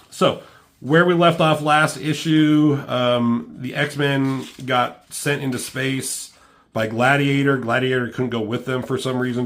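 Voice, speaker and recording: A man's voice: fairly low pitch, fairly bright tone. A man casually reviewing a comic book, rambling with lots of ums and swearing freely.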